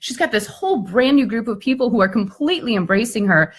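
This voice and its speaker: Woman telling an animated story. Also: on the high side, quick pace, husky. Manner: animated, conversational storytelling with frequent "like" and "I mean". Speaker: keynote speaker and coach. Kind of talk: storytelling on a live video chat.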